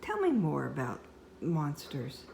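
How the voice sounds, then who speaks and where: A woman's voice: deep voice, wildly swooping pitch, slow, gravelly, a little mellow, a little hiss or hum, heavily acted. An older woman voicing a jumpy young girl in a storybook read-aloud, eager and breathless. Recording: echoey room.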